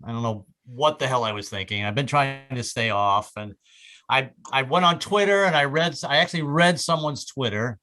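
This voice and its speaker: A middle-aged man performing a stand-up comedy set on a club stage, breaking into loud shouted impressions. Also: medium pitch, moderate pace, poor audio.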